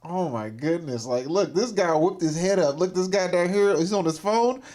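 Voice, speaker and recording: A man's voice: high voice, expressive, normal speed, heavy background noise. A man hosting a livestream, giving casual, exclamatory reaction commentary and laughing often. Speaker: livestream host.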